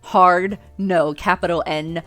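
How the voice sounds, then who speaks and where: A young woman streamer reading a dating game aloud, breaking in with brash, profane and loud reactions. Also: lowish voice, steady tone, slow, faint music behind.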